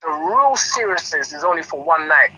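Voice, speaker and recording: A man, a boxing trainer chatting in an interview, animated and often laughing as he tells a story. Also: on the high side, moderate pace, rough recording. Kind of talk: casual interview chat.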